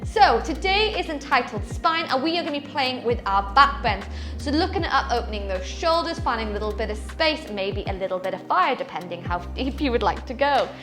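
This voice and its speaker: A woman's voice: a little high, expressive, fairly quick, over music. A young woman guiding a yoga class, soothing and affectionate with her listeners. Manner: soothing, affectionate, calls viewers "my loves". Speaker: yoga instructor.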